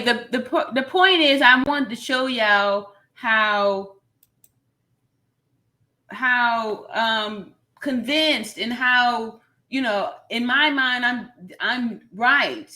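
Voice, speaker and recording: Bright-voiced woman laughing through a vlog. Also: medium pitch. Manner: laughs often, animated, self-mocking; talks straight to viewers, y'all. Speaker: nurse YouTuber, channel host. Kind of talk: casual commentary vlog.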